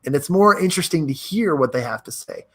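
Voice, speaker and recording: Energetic man giving a motivational talk. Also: on the high side, quick pace, husky. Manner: energetic, chatty, reads viewer comments aloud, laughs easily. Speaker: host. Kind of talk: live-stream motivational talk.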